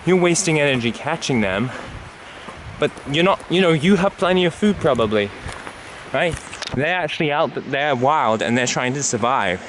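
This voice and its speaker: Out on an uphill trail, a man with a fairly high, lively voice chats casually into a handheld camera at a moderate pace. He's panting a bit from the climb, musing and rambling with many fillers over background noise.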